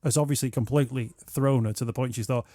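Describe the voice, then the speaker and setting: Gentle, mellow-voiced male host. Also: mid-range voice, steady tone, fast talker, dry recording, clean studio sound. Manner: gentle, thoughtful questioning. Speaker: radio show host. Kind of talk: interview questions.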